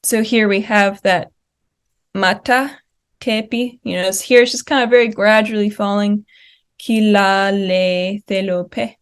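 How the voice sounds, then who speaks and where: A woman's voice: medium pitch, fairly even intonation, brisk, few pauses, clean tone. A young woman presenting linguistics research at a conference, explaining slide examples step by step with occasional fillers. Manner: uses fillers like uh and um.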